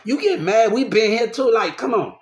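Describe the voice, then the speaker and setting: A man's voice: high-pitched, moderate pace. A young man rambling through a personal story, repeating himself and restarting often. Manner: repetitive, restarts often, animated. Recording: roomy echo.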